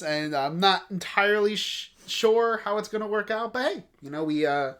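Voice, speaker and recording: A man's voice: high voice, normal speed, hardly any pauses, a bit bright. A man hosting a casual podcast chat, tired and laid-back, who chuckles often and uses lots of fillers. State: tired, yawning. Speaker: podcast host.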